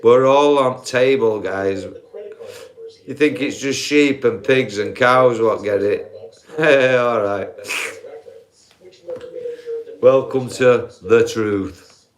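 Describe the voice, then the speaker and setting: Man, live-stream rant, unhurried and sweary. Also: medium pitch. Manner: profane, laughs at own points, addresses viewers as guys. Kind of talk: ranting live-stream monologue.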